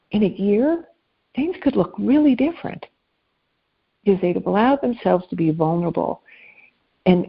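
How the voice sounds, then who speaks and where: A woman life coach talking in a casual interview, animated and self-deprecating, often restarting her sentences. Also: mid-range voice, vocal fry, slightly rough, highs cut off.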